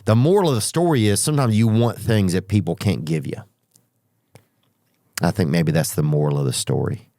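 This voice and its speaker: A man hosting a podcast, telling rambling comic stories with profanity and drawn-out asides. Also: low-pitched, warm tone, dry recording, studio quality. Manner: profane, drawn-out asides, sudden character voices. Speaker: podcast host.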